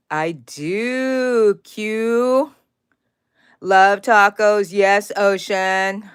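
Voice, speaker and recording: A middle-aged woman hosts a crochet livestream from her craft room, chatting casually and greeting viewers by name. Her voice is on the low side and gravelly, with a clean tone.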